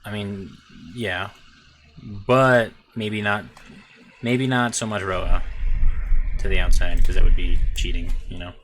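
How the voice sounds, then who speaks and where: A man's voice: low-pitched, steady tone, takes it slowly, pauses often, a bit bright, a little hiss or hum, poor audio. Rambling man running a tabletop game. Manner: loose, rambling, swears a lot. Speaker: game master.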